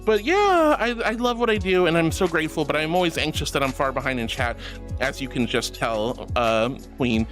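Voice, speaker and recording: A woman streaming live, chatting with her viewers in a bubbly, affectionate way. She calls them sweetie and honey, giggles often, and has a voice that is a bit deep for a woman. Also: a little fast, faint music behind. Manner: giggly, playful asides. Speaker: VTuber streamer. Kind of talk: livestream chat with viewers.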